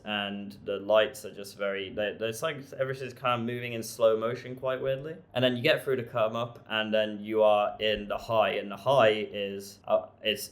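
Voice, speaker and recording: A young man in his twenties telling a candid personal story in casual vlog talk, swearing freely, laughing and restarting his sentences. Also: lowish voice. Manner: frank and sweary, laughs often, restarts a lot. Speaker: self-improvement vlogger.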